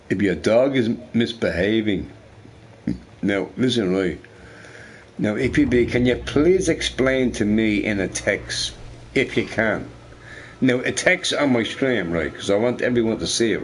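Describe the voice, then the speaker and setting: A man's voice: lowish voice, slight background noise. A man streaming a game, chatting casually with viewers in a rambling, profane, joking way.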